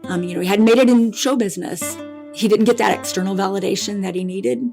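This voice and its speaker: A middle-aged woman speaks at an everyday mid-range pitch, telling a deeply personal story. Her delivery is halting and grief-laden, with frequent false starts and repeated phrases. Soft guitar music plays faintly behind her. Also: fairly even intonation. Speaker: interview guest, bereaved mother.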